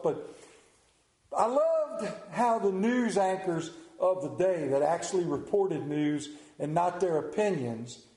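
A man's voice: sits high, mellow, echoey room, low-quality recording. A male pastor giving a sermon, reading scripture, leading prayer and telling stories in a conversational, lightly humorous way. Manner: conversational storytelling, self-deprecating humor.

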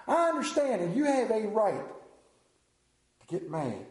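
A male pastor preaching a sermon, animated and self-deprecating, acting out scripture as he goes. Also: sits high, measured pace, pauses often, roomy sound.

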